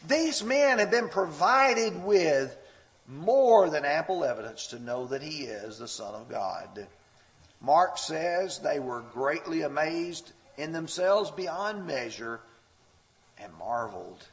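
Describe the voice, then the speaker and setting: Animated preacher man, lively pitch. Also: slow pace. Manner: expressive, swings pitch high when quoting scripture; storytelling with a personal anecdote. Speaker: pastor. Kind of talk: sermon.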